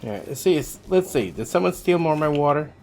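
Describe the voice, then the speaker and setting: A man's voice: fairly high pitch, lively intonation, quick pace, a little mellow, soft background music. A man streaming a game, chatting casually with viewers while he plays, rambling and swearing freely. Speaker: livestreamer.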